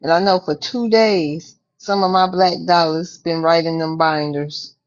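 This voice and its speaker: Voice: medium pitch, steady tone, a little slow, lo-fi sound. A speaker in a casual group talk, easygoing and teasing. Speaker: panelist.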